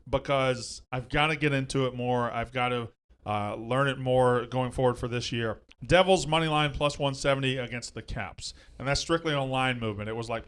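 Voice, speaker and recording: A man's voice: mid-range voice, fairly bright tone, clear, resonant tone. Joking man rattling off betting picks. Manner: brisk, joking, runs through picks. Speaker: sports betting show host. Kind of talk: casual sports betting chat.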